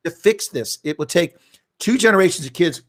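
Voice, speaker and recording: A man's voice: high-pitched, lively intonation, fairly quick. An older man, a guest in a conversational interview, telling stories at length and often restarting his sentences. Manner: rambling storyteller, frequent restarts.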